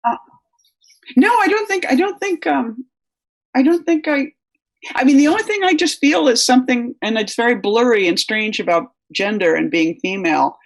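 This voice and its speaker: A woman's voice: on the high side, lively intonation, normal speed. An older American woman, a guest writer, answering interview questions in a rambling, anecdotal way with many fillers.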